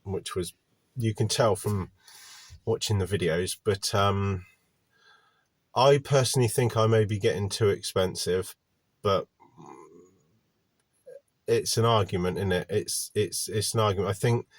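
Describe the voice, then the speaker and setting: A man's voice: lowish voice, unhurried, pauses often, no room sound. An English man rambling glumly to camera in a casual vlog rant while getting over a cold, sitting in his van. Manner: glum, candid, wandering talk. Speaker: gardener vlogger. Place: parked van by a park.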